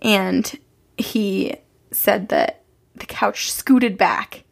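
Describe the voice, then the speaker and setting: A woman's voice: mid-range voice, fairly even intonation, extremely slow, creaky. A young woman co-hosting a podcast, chatting casually and telling rambling personal stories with frequent laughs. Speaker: podcast co-host.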